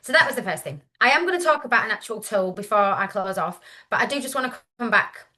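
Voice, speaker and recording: A woman leading a team training session over a video call, talking in an energetic, chatty way with lots of "literally" and "like". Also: medium pitch, fast talker. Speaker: sales team leader. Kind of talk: motivational team training talk.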